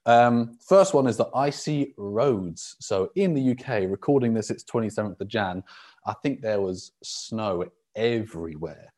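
A man's voice: lowish voice, a little slow. Sweary, rambling male podcast host. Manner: relaxed, sweary, rambling with fillers. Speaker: podcast host and rugby fitness coach. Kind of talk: casual solo podcast. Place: indoors at a laptop on a live video call.

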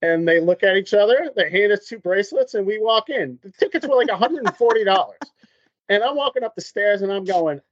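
A man guest on a business podcast, telling stories in an animated, conversational way and acting out what people said. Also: sits high, a little fast, dry recording, lo-fi sound. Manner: animated storyteller, acts out quotes. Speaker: podcast guest, MSP consultant. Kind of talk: conversational interview storytelling.

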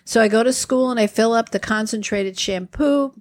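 A woman in her sixties from Long Island, New York, hosts a podcast, speaking at a moderate pace in a voice on the high side. She tells chatty, animated personal stories casually and acts out the quotes.

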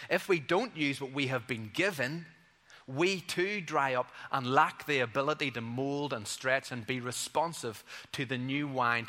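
A man preaching a sermon in a bright, forceful voice. His tone is earnest and conversational, with light playful asides. The sound carries a long reverb from a church hall. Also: medium pitch. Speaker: pastor.

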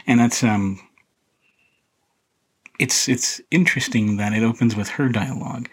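A man hosting a podcast, casually talking through a film in a relaxed, rambling way with many fillers and restarts. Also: medium pitch, unhurried, long pauses, breathy edge, low-quality recording. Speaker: podcast host reviewing a film. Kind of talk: casual solo film commentary.

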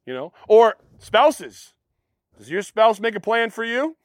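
High-voiced man preaching a sermon. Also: big pitch swings, measured pace, no echo, clean studio sound. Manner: storytelling, acts out quotes, asks the audience questions. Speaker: pastor. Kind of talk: sermon with personal story.

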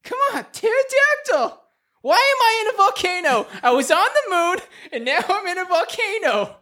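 A man voicing a flustered old grandmother superhero stuck in a volcano, shrill and panicky, for a comedy podcast bit. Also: sing-song, normal speed, bright, forceful tone, exaggerated voice. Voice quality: shrill, panicky, cracking into laughter. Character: flustered old grandma flying a robot pterodactyl.

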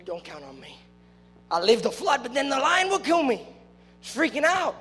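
A young man giving a casual, playful youth sermon, joking and breaking into loud excited shouts. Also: very high voice, moderate pace. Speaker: youth preacher. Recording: long hall reverb with faint music.

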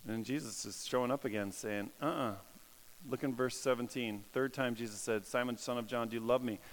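A man preaching a casual, animated sermon, acting out quotes and laughing at his own jokes. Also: medium pitch, brisk, slight background noise. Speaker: pastor. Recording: long hall reverb.

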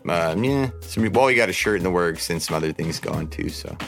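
Casting: very deep-voiced male podcast host, loose and profane, lots of "like" and "you know", faint music underneath. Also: lively intonation, brisk, gravelly, fairly bright tone. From Portland area, Oregon. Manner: rambling, profane, laid-back with lots of fillers. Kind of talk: casual podcast chat.

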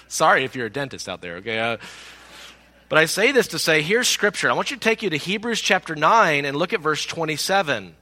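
A man preaching a sermon as pastor, telling a personal story in an animated way and acting out the people in it. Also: a little high, brisk. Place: church sanctuary. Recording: long reverb of a large hall.

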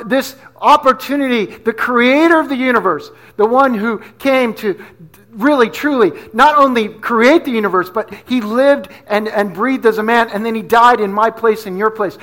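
A man's voice: very high voice, pushed and bright. A middle-aged man from New Jersey preaching a sermon in a conversational, storytelling way, often asking "right?". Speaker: pastor.

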